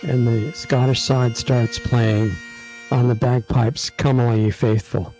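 A man's voice: medium pitch, slow, faint music behind, rough recording. A man hosting an online talk show, casually retelling a film scene and acting out what the characters think. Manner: animated, acts out characters' thoughts.

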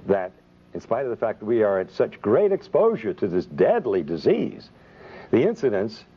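A man's voice: medium pitch, a little hiss or hum. Male physician, fiery public speaker, sarcastic and indignant, mid-range voice on a muffled old recording. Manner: indignant, rhetorical questions, sarcastic. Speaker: physician giving a public speech. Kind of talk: impassioned public speech. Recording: dull lo-fi recording.

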